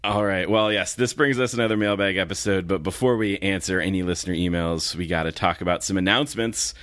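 Low-voiced man with a just-woken morning voice. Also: brisk, no room sound, studio quality. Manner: relaxed, chatty, laughs easily. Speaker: podcast co-host. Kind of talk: casual podcast chat.

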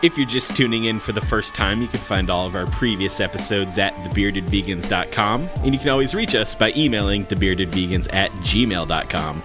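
A man's voice: fairly low pitch, moderate pace, hardly any pauses, music in the background. A man co-hosting a casual podcast, upbeat and jokey as he reads out announcements. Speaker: podcast co-host.

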